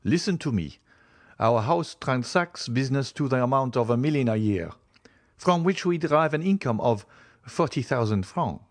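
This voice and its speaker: A man's voice: medium pitch, animated, moderate pace, dry recording, clean studio sound, natural voice. A man voicing a young merchant husband who earnestly explains to his wife.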